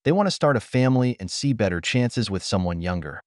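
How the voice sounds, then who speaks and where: A man's voice: lowish voice, animated, brisk, no echo, clean studio sound. A man hosting a commentary channel, reading scripted narration in a blunt, opinionated way. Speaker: channel host.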